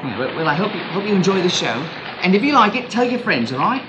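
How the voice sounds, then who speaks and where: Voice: mid-range voice, big pitch swings, fast, close to an everyday voice. Someone doing a stammering, wheedling street hustler. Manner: wheedling, stammering, says "sir" constantly. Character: wheedling street hustler who stages his own drowning. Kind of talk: amateur radio-play acting. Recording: hissy home tape recording.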